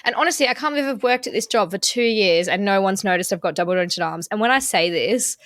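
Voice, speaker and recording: A woman's voice: mid-range voice, animated, quick pace, fairly bright tone, dry recording, studio quality. A young woman hosting a podcast, chatting casually, swearing freely and acting out quotes as she tells stories. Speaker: podcast host. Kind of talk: casual chat. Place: London.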